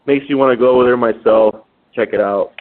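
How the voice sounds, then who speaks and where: A man calling into a radio show, halting and rambling with many fillers. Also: medium pitch. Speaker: caller. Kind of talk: prank call to a radio show. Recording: tinny phone line.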